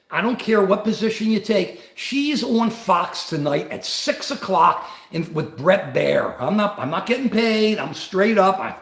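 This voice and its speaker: An emotional man hosts a livestream, talking back to viewers by name and pushing his points again and again, sometimes at a yell. His voice sits high and swings widely, with a gravelly rasp. The sound bounces around a roomy space. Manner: emphatic, repetitive, answers chat viewers by name; yelling at times. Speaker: livestream host. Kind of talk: impassioned political livestream rant. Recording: roomy echo.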